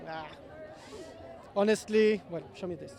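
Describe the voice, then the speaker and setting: A man at an outdoor red carpet premiere, joking and animated, speaking English as a second language. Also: high-pitched, measured pace, creaky, a faint crowd. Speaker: cast member. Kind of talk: casual red carpet chat.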